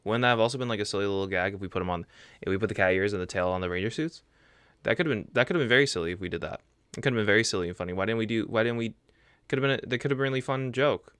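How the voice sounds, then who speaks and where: A young man hosting casual reaction commentary, joking and animated, often restarting his phrases. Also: fairly low pitch, racing, smooth, no room sound. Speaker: reaction channel host. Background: faint background music.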